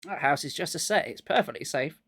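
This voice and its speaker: Calm movie director, as a man reads him. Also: a little high, brisk, vocal fry, husky, no room sound, studio quality, exaggerated voice. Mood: reassuring. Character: smooth, reassuring man, a lying movie director.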